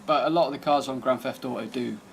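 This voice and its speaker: A man's voice: medium pitch, quick pace, creaky, a little hiss or hum. A man giving casual, laid-back commentary over gameplay, thinking aloud as he drives and tests a car. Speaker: gaming channel host.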